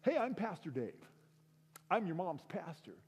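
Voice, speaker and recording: A man's voice: high-pitched, sing-song, moderate pace, breathy edge, big-room sound, pitched above the performer's own voice, heavily acted. A man doing a chirpy little pastor. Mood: coaxing. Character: short bald male pastor, chirpy and persistent.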